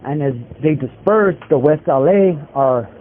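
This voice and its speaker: A man's voice: a little high, a little slow, slight background noise. Guy calling from prison, rambling slang storytelling, lots of like and bro, tinny phone line. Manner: rambling, filler-heavy street slang, many likes and bros. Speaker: incarcerated interviewee telling a story. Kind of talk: casual storytelling. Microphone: phone call.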